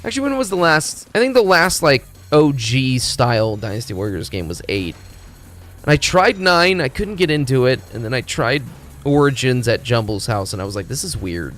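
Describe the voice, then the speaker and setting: A man chatting casually on a live stream, ranting loudly with constant swearing and jumping between topics. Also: medium pitch, normal speed. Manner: profane ranting, animated.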